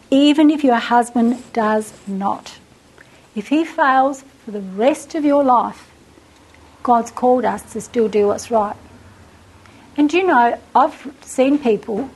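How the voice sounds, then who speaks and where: A high-voiced older woman teaches a group of women in a warm, informal way. She talks quickly and enthusiastically, repeats her words and slips into small acted quotes. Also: rough recording.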